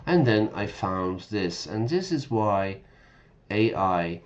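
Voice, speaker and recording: Slow, chatty male English teacher. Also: on the low side, sing-song, highs cut off. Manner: chatty, self-correcting, explains words. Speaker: English teacher streaming a game. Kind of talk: casual game stream lesson.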